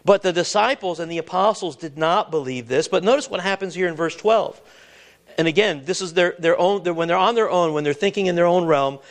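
A man with a high voice preaches a sermon in an earnest, conversational way. He often repeats and restarts his words and throws questions out to the congregation. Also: brisk.

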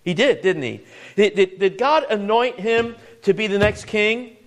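A man's voice: high-pitched, expressive, measured pace. A man preaching a sermon, earnest and searching, often repeating words and asking the congregation questions.

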